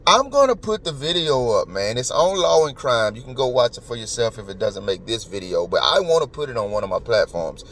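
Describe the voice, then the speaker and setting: A man's voice: medium pitch, sing-song, a little fast, few pauses, a bit bright, slight background noise. Emotional man ranting on a podcast. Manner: emotional, emphatic, rambling. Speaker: podcast host. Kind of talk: casual commentary.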